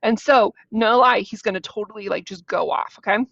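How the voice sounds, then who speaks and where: Woman teacher walking through a play, casual and slangy, gravelly tone, dry dull recording. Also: mid-range voice, steady tone, fairly quick, fairly bright tone, no echo. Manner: casual, slangy, chatty asides. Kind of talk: explaining a play while reading it aloud.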